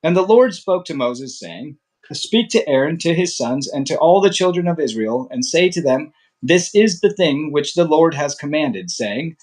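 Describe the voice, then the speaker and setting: A man reads scripture aloud at a steady, even pace, his voice sitting at an ordinary middle pitch. He trips over a word now and then and starts the phrase again. Between passages he drops into loose, casual asides. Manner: steady reading with occasional slips and restarts. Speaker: Bible reader.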